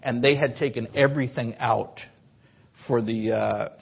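A man's voice: medium pitch, steady tone, measured pace, gravelly, husky, highs cut off. A man preaching a sermon to his congregation in a church, in an earnest, conversational way, sometimes stumbling over his words. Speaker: pastor. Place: church sanctuary.

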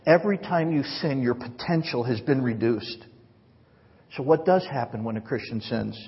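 Husky-voiced male pastor preaching in a hall. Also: mid-range voice, moderate pace. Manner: earnest, conversational preaching with acted quotes. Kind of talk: sermon. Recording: reverberant, dull lo-fi hall recording.

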